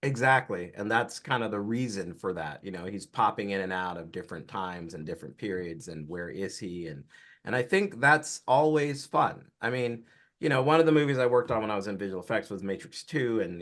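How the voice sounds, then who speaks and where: A film director from Georgia, a man, giving relaxed, explanatory interview answers about his career and work. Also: fairly low pitch, brisk. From Atlanta, Georgia, US.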